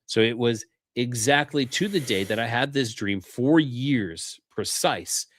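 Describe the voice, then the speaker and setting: A man's voice: medium pitch, lively intonation, a little slow. A man from Canada, a podcast guest, telling a personal story in a casual, earnest way and acting out the remembered dialogue.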